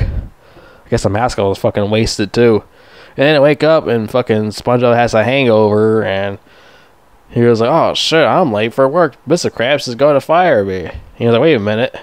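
A man's voice: medium pitch, a little mellow, smooth, no room sound. A young man ranting casually and profanely as a movie reviewer, rambling and mocking. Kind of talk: casual rant.

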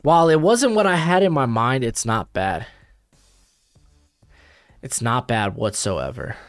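A young man talks casually to his viewers, his pitch bouncing around animatedly as he rambles and corrects himself mid-sentence. The recording is dry and close to the mic. Faint music plays underneath. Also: animated, a little slow, no echo. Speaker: YouTube mock draft host. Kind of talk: casual live commentary.

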